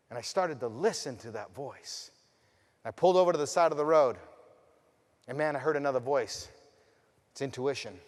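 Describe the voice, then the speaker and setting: A man's voice: mid-range voice, normal speed, pauses often, in a large hall. Man giving a dramatic stage keynote. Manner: swings between loud, fired-up bursts and hushed, intimate passages; addresses the audience directly with questions. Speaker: motivational speaker. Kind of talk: storytelling keynote speech.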